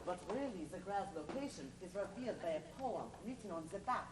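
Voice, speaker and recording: A woman's voice: mid-range voice, lively intonation, a little fast, close to an everyday voice. A woman playing a scheming informant who swaps between a mock French accent and a mock German accent, hammy and theatrical. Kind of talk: amateur stage comedy. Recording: roomy stage audio from far off, noisy.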